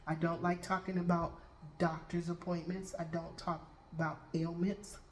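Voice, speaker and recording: Speaking at a normal speed in a flat, lowish voice, this middle-aged Reiki master and tarot reader tells spiritual stories to her audience and checks in with "okay?" nearly every time she makes a point. There's slight background noise, and the recording comes from a roomy space with faint ambience.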